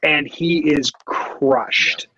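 A man's voice: on the high side, big pitch swings, extremely slow, pushed and bright, slightly rough, highs cut off. A man telling a story in casual chat as a podcast guest, rambling with lots of fillers and restarts.

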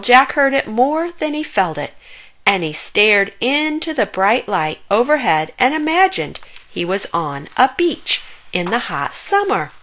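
Slow, lively woman reading a kids' story. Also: medium pitch. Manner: expressive, playful narration. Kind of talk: children's story read-aloud.

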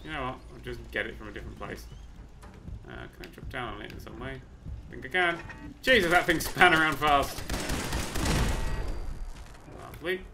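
A man casually commentating on his own gameplay, chatty and excitable, with sudden yelps and mock-boastful asides. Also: mid-range voice, normal speed, background noise. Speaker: let's play host.

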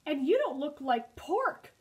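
A woman voicing a sweet young female hedgehog in a storybook, speaking in a clear, high voice. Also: sing-song, unhurried, a little mellow.

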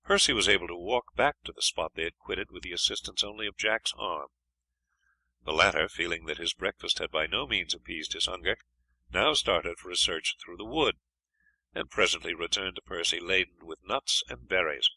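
A man reading an adventure story aloud as audiobook narrator, in a steady storytelling manner. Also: sits low, normal speed, gravelly, dry recording, rough recording. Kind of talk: scripted narration.

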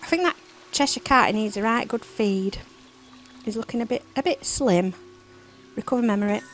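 A woman's voice: a little high, moderate pace, soft background music, poor audio. A woman giving chatty, silly let's play commentary, singing and whispering to herself as she plays. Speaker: gameplay commentator.

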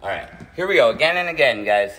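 A man's voice: mid-range voice, animated, quick pace, bright, forceful tone. A man teaching a streamed ballet class from home, counting out steps and checking in with his students. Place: home room, dancing away from the camera. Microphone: phone or camera mic from across the room. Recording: roomy, distant, with piano music. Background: piano music playing.

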